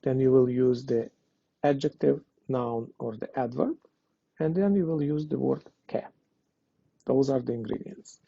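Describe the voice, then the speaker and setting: Here the same kind of online Spanish lesson plays out: a man explains things step by step and translates every example. He speaks at a medium pitch, a little slowly, sounding creaky, mellow and husky, in a dull lo-fi dry recording with no echo.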